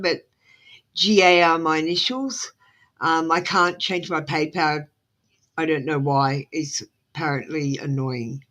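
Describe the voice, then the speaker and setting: This tarot reader is an Australian woman whose lowish voice has a slightly bright quality. Chatting casually on a live stream, she rambles, apologizes, and says "um" a lot.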